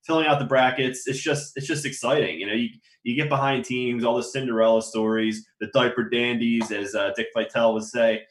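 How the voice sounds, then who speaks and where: A man co-hosting a casual sports podcast, relaxed and agreeable. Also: on the low side. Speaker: podcast co-host. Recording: echoey room.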